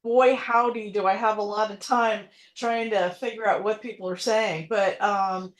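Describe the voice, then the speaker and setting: A woman co-hosting a casual podcast chat, amused and quick to laugh. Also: mid-range voice, fairly even intonation. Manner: amused, laughs often, echoes the host. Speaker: podcast co-host.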